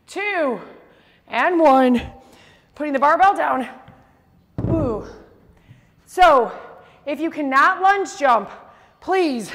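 A woman fitness instructor leading a workout class, out of breath and slightly hoarse, counting reps aloud between heavy exhales. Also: high-pitched, fairly bright tone. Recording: long reverb in a big room.

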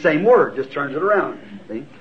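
High-voiced Southern preacher on old tape. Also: male voice, big pitch swings, normal speed. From United States. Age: 50s. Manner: earnest, folksy, self-deprecating. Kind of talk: sermon answering written questions. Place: church sanctuary. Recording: dull lo-fi tape recording. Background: congregation answering amen.

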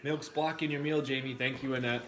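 A man's voice: mid-range voice, steady tone, fairly quick, a bit bright. A young man hosting a casual live stream, eating while he reads out viewer comments and answers them in a chatty, blunt way. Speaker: livestream host.

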